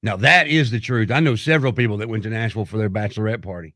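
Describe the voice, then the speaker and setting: A man co-hosting a morning radio show, easygoing and quick to laugh. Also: lowish voice, fairly bright tone, no echo, clean studio sound. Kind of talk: casual morning radio banter. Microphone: studio microphone.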